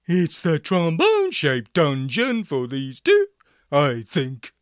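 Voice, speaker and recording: A man voicing a pompous, sinister man with a booming, theatrical, drawn-out voice. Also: huge pitch swings, smooth, no echo, studio quality, full character voice. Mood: menacing.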